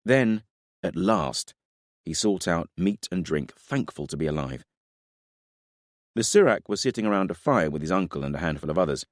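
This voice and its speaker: A man narrates a fantasy audiobook in a very low voice. His reading is measured and dramatic. The recording is dry and close, with no room sound. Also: lively intonation, dry recording.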